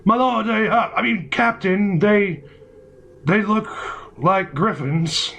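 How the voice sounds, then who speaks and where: A man's voice: high-pitched, slow pace, creaky, a bit bright, voice pushed up, exaggerated voice. A jittery, timid guard with a raised, wavering voice , as a man puts him on, stammering and unsure of himself in a spoken tabletop game. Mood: nervous. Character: nervous, timid male guard.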